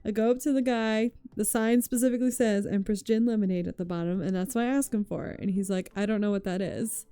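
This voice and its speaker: A woman's voice: fairly high pitch, fairly even intonation, fast, few pauses, warm tone, smooth, no echo. A woman streamer chatting casually with her viewers, telling rambling stories full of "like", swearing and frequent laughter.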